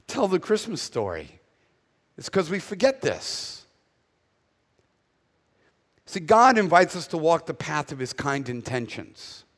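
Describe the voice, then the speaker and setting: A male pastor from the northern United States, with a Northern US accent, preaches a sermon bluntly and conversationally, with casual asides. His voice sits high with a fairly bright tone, and the hall's reverb echoes.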